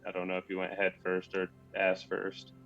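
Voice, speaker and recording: A man narrating as game master in a relaxed, jokey way. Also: deep voice, normal speed, creaky, dull audio, soft background music.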